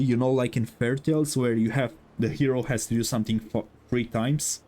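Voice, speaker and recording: A man's voice: medium pitch, steady tone, a little fast, few pauses, warm tone. A young man casually commenting on a game as the channel's host, thinking aloud and swearing freely.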